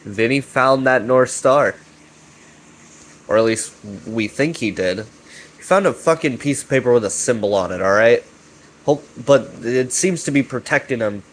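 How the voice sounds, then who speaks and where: A man's voice: medium pitch, lively intonation, moderate pace, a little hiss or hum, low-quality recording. A man recapping a web series in a casual rambling way, swearing often and leaning on fillers like "you know" and "right". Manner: profane, filler-heavy, chummy.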